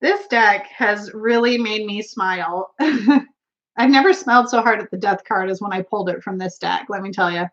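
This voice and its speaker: A woman's voice: medium pitch, moderate pace, fairly bright tone, lo-fi sound. A woman hosting a casual tarot live stream, chatty and giggly, reading out viewer comments, with a runny nose. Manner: giggly, chatty, laughs often. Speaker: tarot livestream host.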